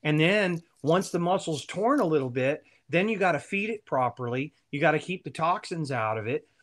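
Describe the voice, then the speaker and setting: A man guest telling long, animated stories and laughing at his own jokes. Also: on the high side, normal speed. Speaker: guest, band member. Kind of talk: storytelling interview answer.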